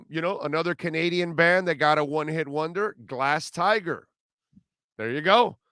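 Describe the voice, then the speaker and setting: A man's voice: mid-range voice, a bit bright, smooth, no echo, clean studio sound. A middle-aged man hosting a live sports radio show in casual talk, rambling as he reads out and answers listener comments.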